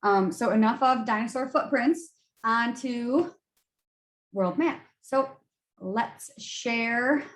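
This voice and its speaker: A woman's voice: on the high side, slow. Tired, chatty woman lecturer in echoey room. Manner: chatty, loose, full of fillers and restarts. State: tired, yawning. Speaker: college instructor. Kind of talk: casual screen-share lecture.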